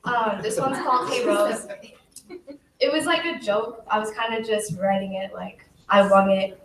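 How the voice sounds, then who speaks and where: A woman's voice: medium pitch, normal speed. A teenage girl reading her own poem aloud at a school event, nervous, giggly and emotional. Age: late teens. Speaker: high school student poet. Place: school auditorium. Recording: echoey hall from far off, faint noise.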